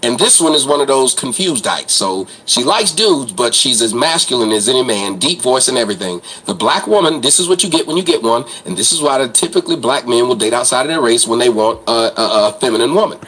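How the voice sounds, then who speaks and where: A man's voice: medium pitch, expressive, a little fast, few pauses, fairly bright tone, slightly rough, rough recording. A man hosting an online commentary show, ranting in a blunt, crude, mocking way.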